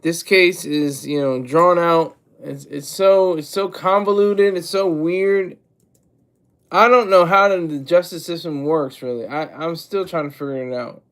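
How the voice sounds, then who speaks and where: A man with a notably high voice hosts a loose livestream, talking straight to his chat. He rambles, trips over and repeats his words, and laughs quietly to himself as he goes. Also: fairly even intonation, unhurried, clean tone. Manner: rambling, self-interrupting, often repeats words; chuckles to himself between thoughts. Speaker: livestream host. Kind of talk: casual livestream commentary, reading chat.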